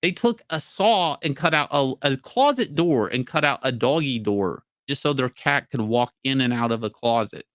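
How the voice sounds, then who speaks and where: A man's voice: mid-range voice, lively intonation, moderate pace, few pauses, a bit bright, dry recording, clean studio sound. Profane Southern man, rambling. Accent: Southern US, mixed with Northern. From North Carolina. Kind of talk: casual livestream chat.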